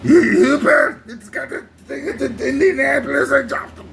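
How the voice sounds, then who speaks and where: A man doing a comic impression of a gruff, hard-bitten older sea captain, bellowing and salty. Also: very high voice, measured pace, fairly bright tone, slight background noise, pitched above the performer's own voice, exaggerated voice. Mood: grim.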